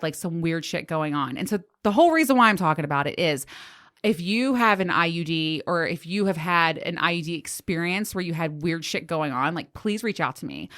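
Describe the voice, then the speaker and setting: A woman podcast host with a bright, forward voice chats candidly about her own life. She swears freely, laughs often and jumps her pitch up for punchlines. She sounds in her forties. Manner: frank, profane and laughing, with lively swings in pitch. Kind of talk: casual chat.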